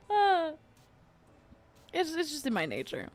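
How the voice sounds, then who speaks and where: A woman's voice: high voice, wildly swooping pitch, slow, long pauses, no room sound. A woman hosting a casual livestream chat, rambling with lots of fillers and laughing often as she gets emotional. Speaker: podcast host.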